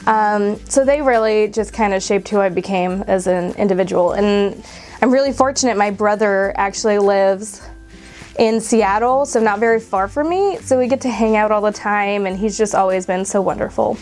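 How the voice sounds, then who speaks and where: A woman's voice: mid-range voice, moderate pace, a little mellow, faint music behind. A woman in her twenties talking casually to camera, emotional and close to tears, with laughs between her words. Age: 20s. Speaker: vlogger.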